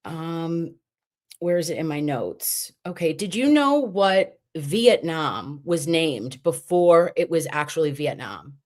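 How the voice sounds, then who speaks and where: A woman in her forties hosting a casual livestream, chatty and animated, acting out the things people said to her. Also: low-pitched, takes it slowly. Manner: animated, chatty, acts out quotes. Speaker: livestream host.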